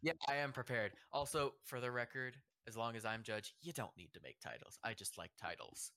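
A young man with a very bright voice hosts a loose group chat and tells a rambling story with plenty of laughs. The sound is dry and close, with no room around him. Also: medium pitch, brisk, no echo. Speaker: host and judge.

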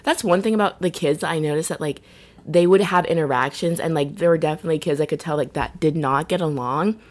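A young woman telling stories in casual chat, animated and full of "like". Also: low voice, fast. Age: young adult. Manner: chatty, animated storytelling with lots of "like". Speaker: podcast co-host.

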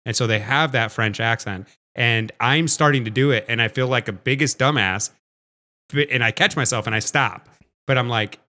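A man talking casually as a podcast co-host, his voice bright and forceful. He rambles, restarts sentences and swears freely. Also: medium pitch, normal speed. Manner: rambling, self-interrupting, swearing. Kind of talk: casual chat.

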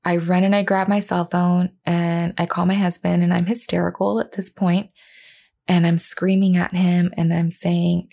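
A woman's voice: lowish voice, flat delivery, normal speed, gravelly, dark tone. A woman in her thirties, a mother earnestly recounting a personal story and retelling what was said. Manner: earnest, retelling dialogue, with fillers and restarts.

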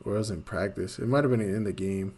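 A young man hosting a casual podcast chat, animated and swearing, often restarting his sentences. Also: on the low side, fast talker. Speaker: podcast host.

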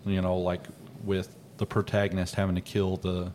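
A man's voice: deep voice, monotone, moderate pace, darkish tone, slight background noise. A man co-hosting a casual podcast chat, rambling and hesitant with lots of fillers. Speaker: podcast co-host.

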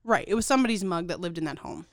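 A young woman co-hosting a podcast in casual chat, telling stories and acting out quotes with lively emphasis. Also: on the low side, racing, no room sound, studio quality. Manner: animated storytelling, acts out quotes. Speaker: podcast co-host.

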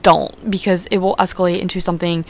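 A woman's voice: fairly low pitch, little pitch movement, fast talker, creaky, darkish tone, slight background noise. A young adult woman hosting a podcast in casual chat, rambling with lots of fillers and casual swearing. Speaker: podcast host.

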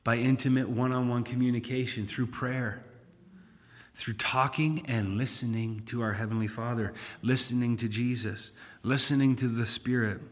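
Conversational pastor in a reverberant hall. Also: male voice, mid-range voice, fairly even intonation, moderate pace. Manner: conversational, rising to emphatic scripture reading. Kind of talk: Bible study teaching.

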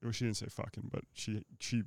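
Gravelly young man telling a story. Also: on the low side, level tone, brisk, no echo. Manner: loose storytelling, swears freely, lots of "like". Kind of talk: casual chat.

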